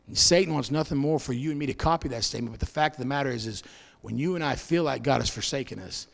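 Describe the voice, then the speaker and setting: A man preaching as pastor to his congregation, swinging between booming and hushed delivery in a church. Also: fast, vocal fry, long reverb tail. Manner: preaching with wide swings in loudness and pitch. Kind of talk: sermon. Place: church sanctuary.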